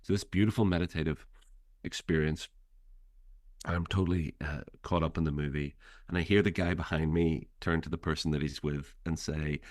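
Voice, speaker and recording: Deep-voiced man musing thoughtfully. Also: fairly even intonation, moderate pace, a little mellow, dry recording, studio quality. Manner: thoughtful, hesitant, laughs often. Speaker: podcast co-host and author. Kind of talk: casual film chat.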